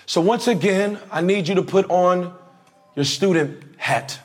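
A man preaching a sermon to a church congregation, energetic and calling out to the crowd for answers. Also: high voice, a little slow.

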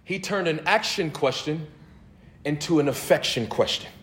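High-voiced preacher. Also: male voice, normal speed. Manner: swings between low murmurs and high shouted emphasis; emphatic, with laughs between phrases. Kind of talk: sermon.

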